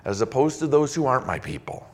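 A man's voice: medium pitch, very animated, fast talker. A male pastor preaching a sermon, reading scripture aloud in an emphatic, conversational way.

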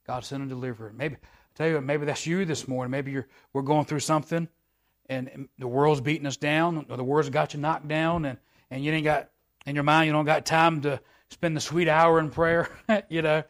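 Folksy male preacher, slightly high voice. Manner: folksy and repetitive, swelling louder at high points. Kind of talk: sermon.

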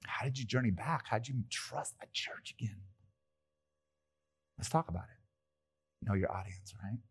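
A man preaching to his congregation in a church hall. He talks in a conversational, lively way, jumping into playful asides before coming back to his point, with a voice of middle pitch. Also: a little slow, husky. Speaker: pastor. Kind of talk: sermon.

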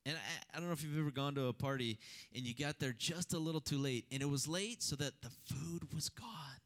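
Animated preaching man, higher voice. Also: a little fast. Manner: conversational, animated preaching with rhetorical questions. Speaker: pastor. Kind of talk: sermon.

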